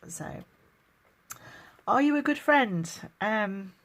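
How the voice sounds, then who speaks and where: A woman's voice: mid-range voice, animated, drawn-out words, fairly bright tone. A middle-aged woman from England, chatting casually through a question list, laughing often and getting emotional at times. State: tired, chronically ill. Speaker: vlogger. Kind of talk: casual get-to-know-me Q&A.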